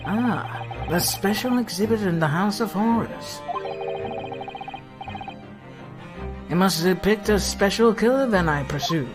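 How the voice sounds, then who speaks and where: A woman's voice: mid-range voice, expressive, normal speed, over music, lightly acted. A woman voicing a pompous male Victorian detective in a fan game reading, speaking in grand, formal phrasing. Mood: probing.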